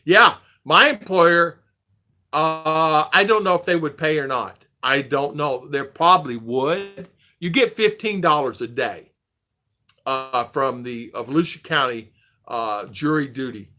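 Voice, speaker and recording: A man's voice: fairly high pitch, a little slow, sharp tone. An older man, host of a casual chat stream, rambling through a story and acting out the quoted dialogue with animation.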